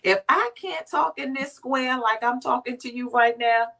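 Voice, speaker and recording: Her voice sits high and moves at a normal speed. This Washington, D.C. woman, appearing on a faith talk show, delivers emphatic, lively storytelling and performs the quotes she recounts.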